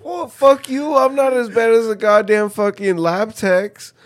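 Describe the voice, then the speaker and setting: A man's voice: high voice, measured pace. A man co-hosting a podcast, teasing his friend with crude jokes and plenty of swearing. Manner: animated, teasing, swears a lot. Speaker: podcast co-host. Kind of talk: casual crude banter.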